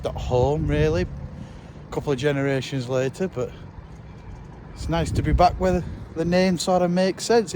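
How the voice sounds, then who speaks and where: This man's voice is a little high, heard over a noisy background. Handheld camera in tow, he casually vlogs his travels as a monster truck driver outdoors at a show site and aboard a ferry, chatty and wryly self-deprecating.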